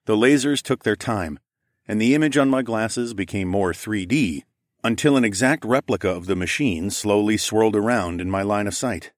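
A man tells a first-person story as an audiobook narrator, in a relaxed and casual manner. His voice sits low, and the recording is dry and close. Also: normal speed, no room sound.

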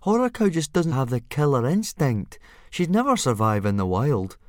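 A man's voice: mid-range voice, big pitch swings, normal speed, a little mellow, no echo, pitched above the performer's own voice, close to an everyday voice. A man voicing a wry young boy who drawls his remarks. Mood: mock-fierce. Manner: mock-fierce then drawling and dry.

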